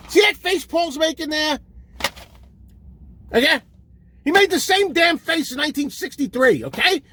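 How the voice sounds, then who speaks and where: A man's voice: very high voice, fairly bright tone. A man ranting in an exasperated comedic tirade and insulting his listeners. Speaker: comic ranting host. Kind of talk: comedic rant.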